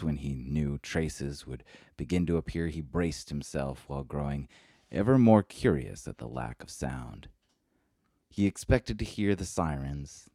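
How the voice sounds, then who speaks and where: Man reading a story aloud, super deep voice, dry close sound, slow and measured. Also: dark tone, slightly rough, no room sound. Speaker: narrator. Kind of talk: scripted story narration.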